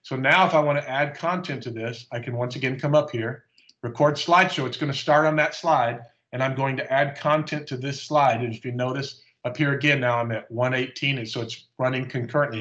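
Man demoing software, slightly muffled. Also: mid-range voice. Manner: explanatory, step-by-step, casual. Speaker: conference presenter. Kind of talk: live software demonstration. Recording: slightly dull lo-fi audio.

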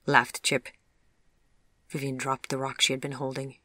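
With a calm, measured delivery and a middle pitch, an audiobook narrator reads a storybook tale at an easy pace. The close, dry recording has no room sound.

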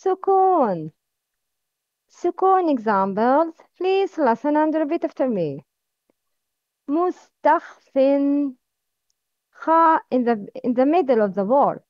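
A woman teaching Arabic letters, drilling words slowly and asking the listener to repeat after her. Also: sits high, sing-song, no room sound. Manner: slow, careful drilling with repeat-after-me prompts. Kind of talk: slow recorded lesson. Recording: dull, lo-fi sound.

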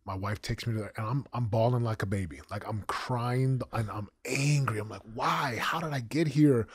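A man in his forties, a former football champion, telling his story candidly in an interview, with animated storytelling and acted-out quotes. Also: mid-range voice, moderate pace, slightly rough, no echo, studio quality.

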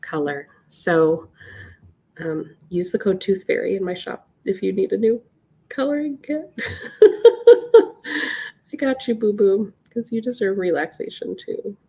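A woman's voice: mid-range voice, moderate pace, gravelly, mellow, husky. A woman teaching a live watercolor class, chatty and upbeat, with lots of fillers. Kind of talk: live painting tutorial.

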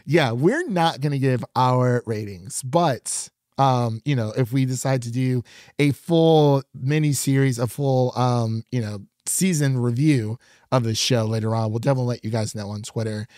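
A man's voice: mid-range voice, moderate pace, a little mellow, no echo, studio quality. Chatty man hosting a podcast. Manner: chatty, laughs often, loose and rambling. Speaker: podcast co-host. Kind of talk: casual review chat.

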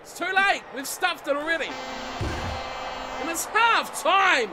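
A man giving excitable let's-play commentary on a rugby video game, swearing and yelling at his own team. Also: very high-pitched, measured pace. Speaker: gaming channel host. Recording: game music playing behind the voice.

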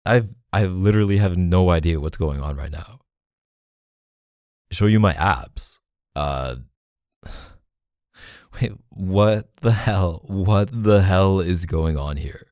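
A man's voice: low voice, slow, pauses often, darkish tone, no room sound, studio quality. A man voicing a defensive boyfriend in a jealous argument, in a whispered role-play, pleading and flustered, sighing often.

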